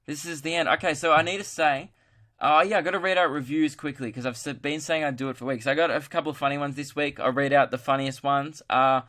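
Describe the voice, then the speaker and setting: A man's voice: on the high side, fairly even intonation, fast, pushed and bright. A young man hosting a solo podcast, chatting casually in a rambling, joking, self-mocking way. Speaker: podcast host.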